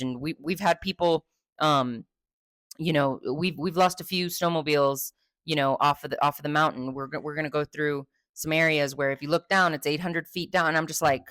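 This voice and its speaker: A woman's voice: low-pitched, steady tone, a little fast, fairly bright tone, no room sound, clean studio sound. A young woman from Texas, hosting a podcast and telling a story casually, chatty and swearing freely with many fillers. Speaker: podcast host.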